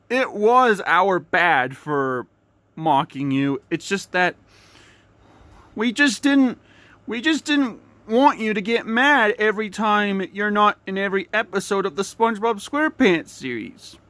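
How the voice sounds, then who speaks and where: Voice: mid-range voice, a bit bright, dry recording. A young fan performer voicing an eager, apologetic sea sponge hero in a homemade cartoon, rambling and restarting often. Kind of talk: fan-made cartoon voice acting.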